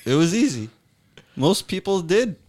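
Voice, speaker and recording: A man's voice: fairly low pitch, normal speed, a bit bright. A man voicing an aloof, cowardly, retired male French flag in a weak put-on French accent, as improv comedy. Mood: nostalgic. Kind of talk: improv comedy role-play.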